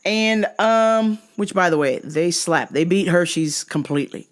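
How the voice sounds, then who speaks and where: A woman's voice: on the low side, unhurried. A woman hosting her own vlog, telling a travel story as an exasperated, profanity-laced rant. She stretches out words for emphasis. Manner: profane, exasperated, animated retelling. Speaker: vlog host.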